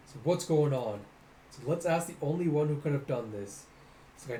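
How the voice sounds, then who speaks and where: This young man's voice sits on the high side, dark in tone with lively intonation, as he reads through a comic at a moderate pace. He narrates casually, rambling loosely and repeating "he's like." The space echoes and there's faint noise.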